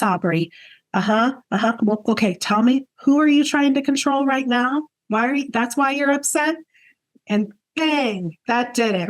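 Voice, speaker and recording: A middle-aged woman gives a heartfelt personal testimony about recovery. She speaks earnestly and reflectively, and she often comes back to the same phrase several times to stress it. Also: mid-range voice. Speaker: parent speaker sharing her recovery.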